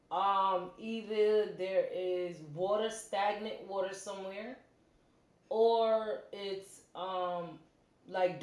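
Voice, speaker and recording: A middle-aged woman hosting a livestream from her home, telling a story in a casual, animated way and acting out the quotes. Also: mid-range voice. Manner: animated, acts out quotes, quick asides. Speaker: livestream host. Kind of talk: casual storytelling to a live chat. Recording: roomy echo.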